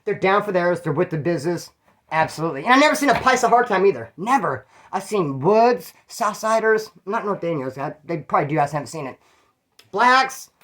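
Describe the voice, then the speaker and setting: A man's voice: high voice, lively intonation, a little fast, a bit bright, a little hiss or hum. Rambling, slangy man telling stories. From Bakersfield, California. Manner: slangy, profane, rambling with asides. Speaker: former prisoner telling stories. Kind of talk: casual storytelling monologue.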